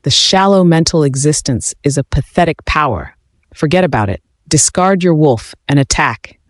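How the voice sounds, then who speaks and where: A man's voice: on the high side, expressive, normal speed, no echo, natural voice. A man reading the lines of a mocking, unseen woman who speaks in terse, scornful commands.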